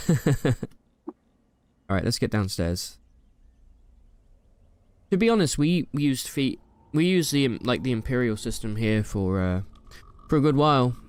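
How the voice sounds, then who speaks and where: A man's voice: medium pitch, lively intonation, unhurried, long pauses, a little mellow, smooth, no echo. Jokey young man commentating a game. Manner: playful, jokey, trash-talks enemies. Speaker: gaming YouTuber. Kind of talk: casual gameplay commentary.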